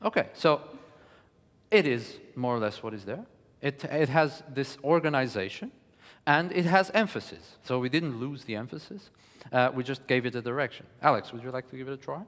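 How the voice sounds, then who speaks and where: A man giving a lecture on music, speaking in a measured, thoughtful way with frequent pauses. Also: mid-range voice, lively intonation, fairly bright tone. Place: studio hall. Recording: long reverb of a studio hall.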